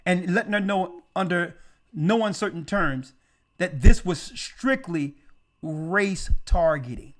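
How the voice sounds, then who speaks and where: This church elder, played by a man, delivers his testimony in a high-pitched voice and takes his time. The telling is animated and conversational, with words repeated for emphasis.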